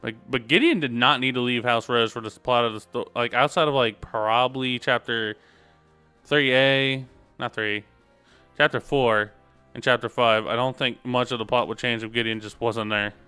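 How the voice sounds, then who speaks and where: Streamer pria santai yang bercanda. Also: male voice, medium pitch, fairly even intonation, normal speed, sharp tone, clean tone, soft background music. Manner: casual, joking, rambling. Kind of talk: game stream commentary.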